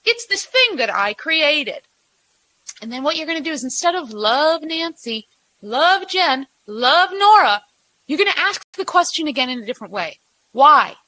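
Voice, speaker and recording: Brief: high, bright-voiced woman leading a workshop, blunt and animated, punchy delivery. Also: a little fast, low-quality recording. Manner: emphatic, blunt and animated, with mock quotes. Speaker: workshop speaker. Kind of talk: lively workshop talk to a live audience.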